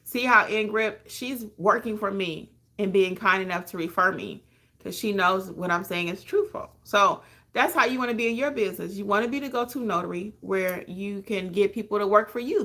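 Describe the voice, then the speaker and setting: Animated woman with a gravelly, bright voice. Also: mid-range voice. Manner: animated, emotional, encouraging, calls viewers honey. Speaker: notary trainer hosting a live stream. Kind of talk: casual live-stream chat reading viewer comments.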